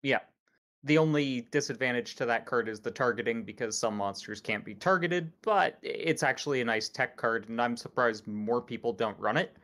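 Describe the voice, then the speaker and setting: Man explaining calmly on a podcast. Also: medium pitch, normal speed. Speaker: podcast host. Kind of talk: casual podcast chat.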